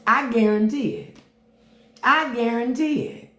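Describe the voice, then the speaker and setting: A woman's voice: fairly high pitch, unhurried, bright, forceful tone, roomy sound. Blunt, profane woman streamer. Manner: blunt, profane, reads out viewer comments. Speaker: livestream host. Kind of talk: casual livestream commentary.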